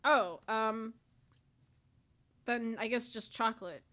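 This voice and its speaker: A woman's voice: a little high, slow pace, sharp tone. A Canadian woman co-hosting a podcast in casual chat, joking crudely and giggling often. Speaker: podcast co-host.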